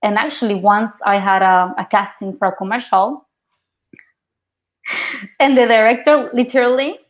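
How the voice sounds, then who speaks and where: Mexican-accented young actress chatting. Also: female voice, medium pitch, moderate pace, muffled recording. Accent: Mexican Spanish. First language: Spanish. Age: young adult. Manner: lively storytelling, quoting others, laughing often. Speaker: actress, guest. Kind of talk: casual interview chat.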